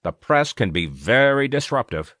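An oily government aide, smooth and falsely sincere, coaxing in a placating tone, as a male narrator puts him on. His voice is lifted well above the reader's low natural pitch. The sound is dry and close. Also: sing-song, normal speed, fairly bright tone, no echo. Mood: persuasive.

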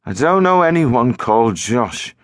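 A man's voice: mid-range voice, measured pace, no echo, studio quality. A man voicing a mysterious teenage boy on the phone in an audiobook, evasive and tetchy. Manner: evasive, flat insistence turning tetchy. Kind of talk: audiobook narration.

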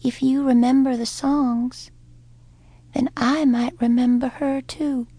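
A woman's voice: high-pitched, little pitch movement, slow pace, warm tone, no room sound, voice pushed up. A woman voicing an earnest young farm boy who misses his mother, asking eager, plain questions. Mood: wistful.

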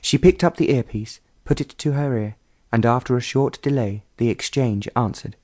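A male audiobook narrator reads the story in a measured, even manner. His voice is mellow and warm, sitting in a middling register. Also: mid-range voice. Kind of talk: scripted narration.

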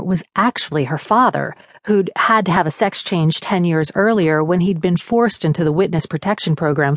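Dry, low-voiced woman narrating an audiobook. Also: no room sound. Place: recording studio.

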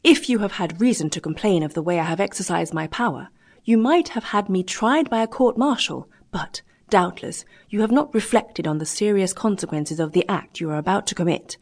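A woman's voice: mid-range voice, expressive, brisk, a little mellow. A woman reading an audiobook, voicing a proud male ship captain who speaks in a firm, formal way. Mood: firm protesting.

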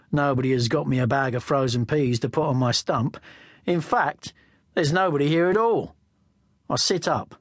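A man's voice: medium pitch, no room sound, studio quality. A man reading a teen novel in the first person, with a wry, conversational manner. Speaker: audiobook narrator. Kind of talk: first-person audiobook narration.

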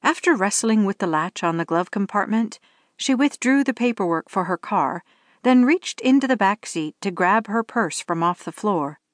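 A woman narrating a romance audiobook in a steady storytelling manner. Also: medium pitch, normal speed, no room sound, clean studio sound. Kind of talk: scripted narration.

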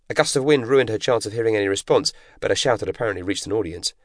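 A man narrating an audiobook in a measured, dramatic storytelling manner. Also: fairly low pitch, no room sound. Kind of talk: scripted narration. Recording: dry close studio recording.

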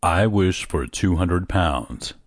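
A man reading an audiobook, voicing a mild, questioning old man who is quietly stubborn. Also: sits low, expressive, normal speed, dry recording, studio quality.

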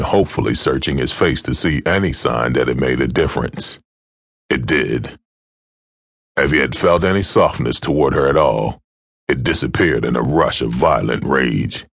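A man narrating a dark audiobook thriller in a measured, grave manner. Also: extremely low pitch, vocal fry, no room sound, studio quality. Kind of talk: scripted narration.

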